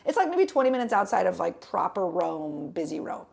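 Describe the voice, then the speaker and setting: A woman's voice: fairly low pitch, sing-song, a little fast, gravelly, darkish tone. A young woman telling a rambling travel story on a casual podcast, with lots of fillers and restarts. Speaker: podcast co-host.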